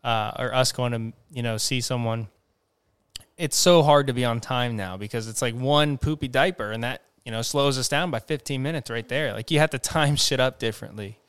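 A man on a podcast chatting in a relaxed, joking way, with casual swearing. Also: medium pitch, moderate pace, clean tone, no echo, studio quality. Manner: laid-back, joking, swears. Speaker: podcast host. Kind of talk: casual chat.

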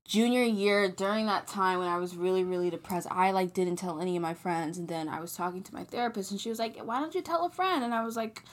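A woman's voice: fairly low pitch, fairly even intonation, quick pace, few pauses. A young woman in her late teens co-hosting a podcast, talking candidly and self-mockingly, with frequent swearing. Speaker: podcast co-host. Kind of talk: casual chat.

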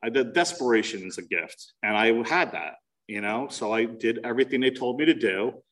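A man's voice: mid-range voice, animated, fairly quick, a bit bright, recorded from a distance, low-quality recording. A man in his forties from New Jersey shares his recovery story at a meeting. He speaks candidly and mocks himself with wry humor. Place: meeting room.

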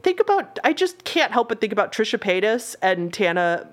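Lively young woman chatting and laughing. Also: mid-range voice, normal speed. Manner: chatty, laughing, animated storytelling. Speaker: podcast co-host. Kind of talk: casual chat.

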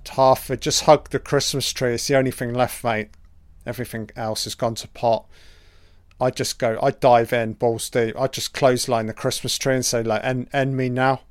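A man's voice: mid-range voice, smooth, no echo. A man giving a casual, sweary live commentary over a film as it plays.

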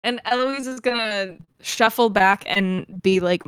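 Slow-talking woman player. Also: mid-range voice, fairly bright tone, clean tone, no echo. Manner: hesitant, with fillers. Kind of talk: tabletop role-play.

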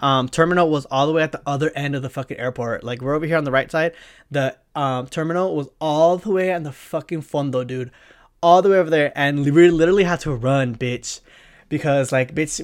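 A man's voice: a little high, fairly bright tone. A young man hosting his own podcast, telling an embarrassing story in a rambling, profane way, full of fillers and slang. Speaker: podcast host. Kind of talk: casual storytelling monologue.

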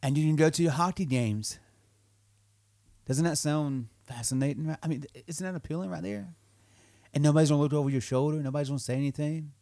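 A man's voice: on the high side, fast, vocal fry, warm tone, dry recording. Man hosting a comedy sketch; coaxing and repetitive; dry, close sound. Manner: persuasive, coaxing, repeats himself.

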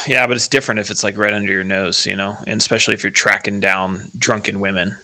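A man co-hosting a comedy podcast, answering with wry, deadpan comebacks. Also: on the low side, fast, poor audio. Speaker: podcast co-host. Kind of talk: comedic recap chat.

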